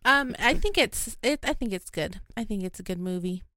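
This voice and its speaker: A woman chats on a podcast, often stopping to search for words. Her voice is smooth and clear, and sits at an ordinary pitch. The recording is dry and close. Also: expressive, moderate pace, bright, forceful tone, no room sound. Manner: hesitant, with many fillers and restarts. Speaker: podcast co-host. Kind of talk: casual chat.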